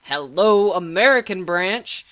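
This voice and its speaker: A woman's voice: fairly low pitch, lively intonation, takes it slowly, a bit bright, no room sound. A woman voicing an irritated young man who protests and huffs. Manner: protesting, huffy. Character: irritated young male patient, huffy.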